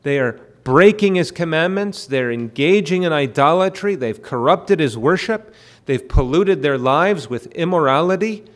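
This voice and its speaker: A man preaching a sermon at a midweek prayer meeting, often pausing with fillers and repeated words. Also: a little high. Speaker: pastor. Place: church.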